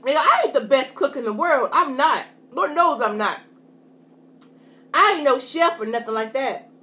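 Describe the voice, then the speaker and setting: A woman's voice: high-pitched, animated, a little slow, a bit bright. A woman talking casually to her viewers while eating on camera, chatty and folksy, often saying "y'all". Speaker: food vlogger. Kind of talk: casual mukbang chat to camera.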